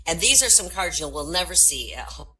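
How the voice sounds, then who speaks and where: A woman comedian telling jokes in an animated storytelling manner, slipping into character voices, in an online voice room. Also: lowish voice, fairly quick, poor audio. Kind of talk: stand-up joke telling.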